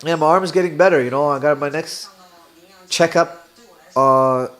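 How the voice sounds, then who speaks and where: A man's voice: fairly high pitch, moderate pace, fairly bright tone. A young man with a Canadian accent hosts a live watch party, chatting casually, reading viewer comments and laughing often.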